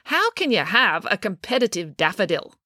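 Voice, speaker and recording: A woman's voice: medium pitch, big pitch swings, normal speed, sharp tone, dry recording, pitched above the performer's own voice. A woman doing a sarcastic teenage boy. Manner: dry and mocking.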